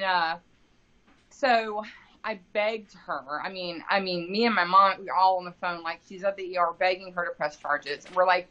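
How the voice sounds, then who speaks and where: A woman's voice: on the low side, bright, forceful tone. A woman in her forties, a grieving mother and interview guest, telling a painful personal story in a rambling way, full of fillers and restarts. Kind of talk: emotional personal account. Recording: dull lo-fi podcast audio.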